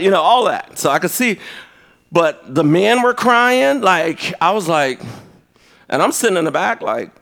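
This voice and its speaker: A man preaching a conversational sermon. He tells stories in an animated way, and his pitch jumps sharply. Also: a little fast.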